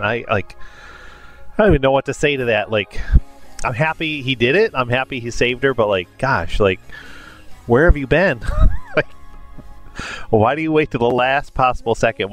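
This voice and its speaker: A man's voice: mid-range voice, fairly bright tone. A man hosting anime reactions in casual commentary, emotional and gushing, with many fillers. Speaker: anime reaction channel host.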